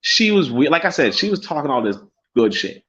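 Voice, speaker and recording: A man's voice: fairly high pitch, sing-song, brisk, a bit bright, slightly rough. Rambling, profane young man on a stream. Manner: rambling, profane, laughs often, repeats himself. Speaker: livestream host. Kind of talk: casual storytelling livestream. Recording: dull lo-fi stream audio.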